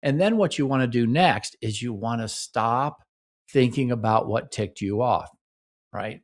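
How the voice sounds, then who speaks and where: A man's voice: medium pitch, lively intonation, normal speed. A man hosting a relationship show, explaining to couples in an instructional talk and checking in with "okay?" and "right?". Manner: coaching, frequent "okay?" and "right?" check-ins. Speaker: relationship therapist and podcast host.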